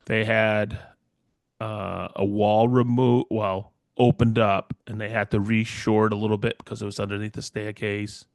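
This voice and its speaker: A man's voice: on the low side, normal speed, dry recording, studio quality. A middle-aged man co-hosting a casual podcast chat, telling stories and acting out the people in them with big jumps in his voice. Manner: animated storyteller who acts out quoted dialogue. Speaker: podcast co-host, woodworker.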